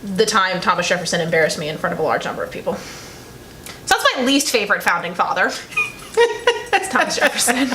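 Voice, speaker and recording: Wry woman with a lively pitch. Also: brisk, pauses often, a little hiss or hum. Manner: wry, deadpan humor. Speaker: co-host. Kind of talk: casual chat.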